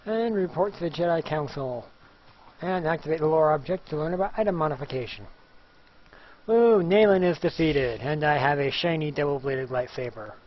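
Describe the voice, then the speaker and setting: Brief: male let's-player, high-ish, silly and chatty, muffled home mic. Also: a little fast. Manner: playful, jokey, sings little chants. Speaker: gameplay commentator. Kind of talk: casual let's-play commentary.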